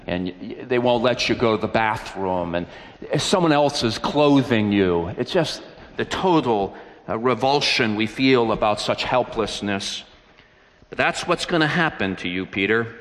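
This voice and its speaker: A man's voice: mid-range voice, fairly bright tone. A man delivers a sermon, retelling scripture with earnest, emphatic storytelling. His voice sits in an ordinary middle register. The sound rings out in a large reverberant church hall. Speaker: preacher.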